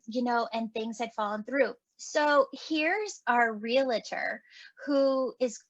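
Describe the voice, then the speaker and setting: Animated woman podcast host telling stories. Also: a little high, slow, dry recording, muffled recording. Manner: animated, acts out quoted dialogue with laughs. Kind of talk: casual conversational storytelling.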